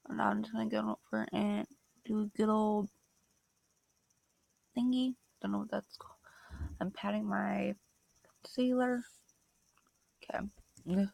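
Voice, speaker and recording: A young woman chatting through a makeup tutorial, joking at her own expense and slipping into soft asides. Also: fairly high pitch, fairly even intonation, normal speed, creaky, long pauses, dry recording. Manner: chatty, self-mocking, drifting into soft asides. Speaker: makeup vlogger.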